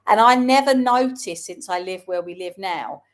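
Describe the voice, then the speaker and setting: A woman with a London accent, co-hosting a casual chat and telling lively stories about her life. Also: mid-range voice, normal speed. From South London, England. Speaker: co-host.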